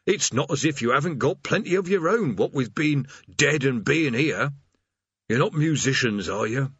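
A man voicing a weary, put-upon male demon who guards hell's door, rasping and mournful as he recites a cheery customer-service script. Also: medium pitch, lively intonation, normal speed, fairly bright tone, dry recording, muffled recording, pitched above the performer's own voice. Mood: mournful grumbling.

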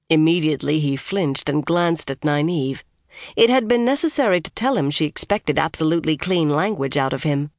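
An audiobook narrator reads a fantasy novel in a steady, measured, mid-range voice. The recording is close and dry, with no room sound.

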